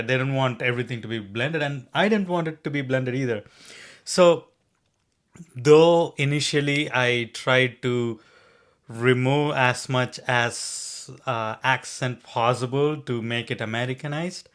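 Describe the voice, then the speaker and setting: A man's voice: medium pitch, a bit bright. A man from India with an Indian accent, co-hosting a podcast and speaking in an earnest, emphatic way. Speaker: podcast co-host. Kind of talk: casual conversation.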